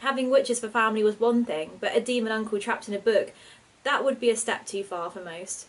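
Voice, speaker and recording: A woman reading her own storybook aloud in a steady, expressive narration. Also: a little high, a little fast, rough recording.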